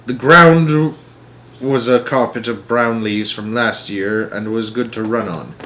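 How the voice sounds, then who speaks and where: Man, storyteller, children's book reading, slow hushed delivery, medium pitch. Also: slight background noise.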